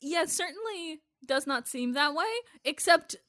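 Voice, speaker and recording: A woman's voice: high-pitched, moderate pace, a bit bright, no room sound, clean studio sound. A woman co-hosting a podcast over a video call, talking in a wry, sarcastic way and swearing freely. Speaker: podcast co-host. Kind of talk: casual chat. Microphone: remote video call.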